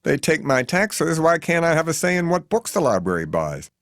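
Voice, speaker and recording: A man's voice: a little high, very animated, moderate pace, a bit bright, no echo, clean studio sound, pitched above the performer's own voice. A man voicing a matronly woman in a housecoat who complains with a grievance. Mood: aggrieved. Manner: aggrieved, complaining. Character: matronly older woman in a housecoat, true-crime reader.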